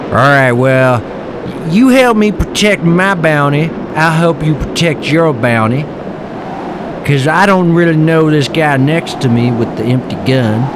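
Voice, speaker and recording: High-voiced man in a thick drawl. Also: expressive, a little slow, background noise. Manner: thick put-on frontier drawl, joking. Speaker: player roleplaying a character. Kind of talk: improvised game role-play.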